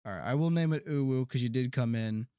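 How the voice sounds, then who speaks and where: An American man streaming a farming game, chatting casually to his viewers and often stumbling over his words before breaking into excited outbursts. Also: mid-range voice, quick pace, smooth, no echo, dull audio. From United States. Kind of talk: casual gameplay commentary to chat.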